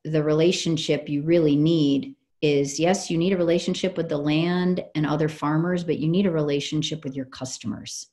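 A woman farmer talks through a casual online panel, energetic and self-deprecating. She rambles and restarts often, on a slightly low-pitched voice. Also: normal speed, hardly any pauses. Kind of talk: casual conversational answers.

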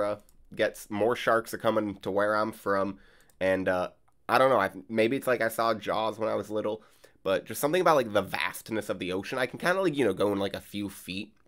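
A man hosting a card game channel, chatting casually and rambling with lots of fillers. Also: fairly low pitch. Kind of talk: casual gameplay vlog and commentary. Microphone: desk mic while recording gameplay.

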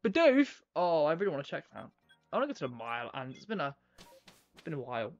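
A man's voice: on the high side, expressive, fast, highs cut off, faint music behind. A man live-streaming a game, chatting in a rambling, casual way to his viewers as he plays. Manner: rambling, chatty, talks to viewers while playing.

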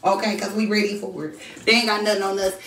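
A woman's voice: mid-range voice, little pitch movement, fast, fairly bright tone. A woman hosting a casual livestream from home, chatting straight to her viewers and reading their comments aloud. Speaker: livestream host. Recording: echoey room, voice from a distance.

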